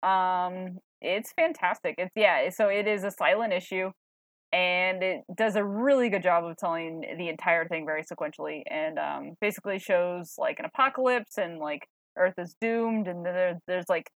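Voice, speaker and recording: A woman's voice: on the low side, normal speed, dry recording. A woman co-hosting a comic book podcast, chatting casually in a rambling way. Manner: chatty, rambling, many fillers and restarts. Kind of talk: casual chat.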